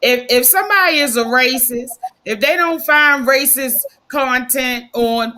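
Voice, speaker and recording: Slow, reflective woman on a podcast panel. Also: high voice, noisy background. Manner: measured, reflective, openly cynical. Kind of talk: live podcast discussion.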